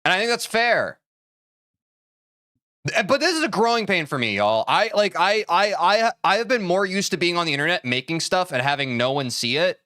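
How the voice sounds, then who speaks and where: A man's voice: high voice, lively intonation, moderate pace, pushed and bright, no room sound, studio quality. A man streaming a game, talking casually to his chat in a rambling, self-interrupting, opinionated way.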